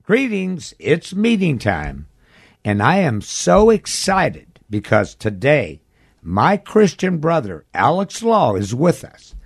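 A man's voice: a little high, wildly swooping pitch, slow pace, gravelly, breathy edge, no echo, studio quality. A man hosting a faith-based podcast, introducing and questioning his guest with an enthusiastic, sing-song manner. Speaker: host.

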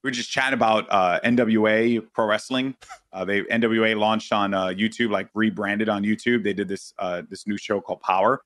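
A man with a New York accent chatting casually as a podcast guest, telling stories and jumping high when he quotes people. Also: brisk, dry recording. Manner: animated storyteller, jumps high when quoting people. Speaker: guest, esports and TV commentator.

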